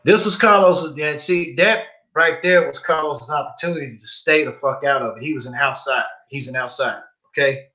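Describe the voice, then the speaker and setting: A young man hosting a podcast, telling profane, animated stories full of quoted back-and-forth. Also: a little high, a little fast, reverberant, rough recording. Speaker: podcast host. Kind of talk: casual podcast storytelling.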